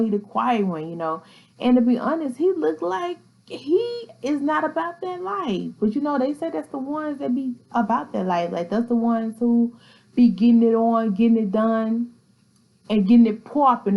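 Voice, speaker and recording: A woman's voice: on the high side, vocal fry. Chatty slangy woman vlogger, lo-fi sound. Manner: chatty and slangy, laughs easily. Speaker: vlogger host. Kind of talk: casual commentary vlog.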